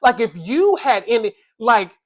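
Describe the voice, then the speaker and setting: A woman with a fairly high voice delivers casual comedic commentary on reality TV. She is animated and exasperated, scolding in slang as she talks straight to her viewers. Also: unhurried.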